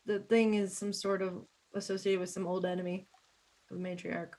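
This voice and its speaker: A woman's voice: medium pitch, little pitch movement, moderate pace, a little mellow. A woman playing a tabletop game, chatty and thinking aloud as she plans her moves and reads out her rolls. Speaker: player. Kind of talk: casual tabletop play.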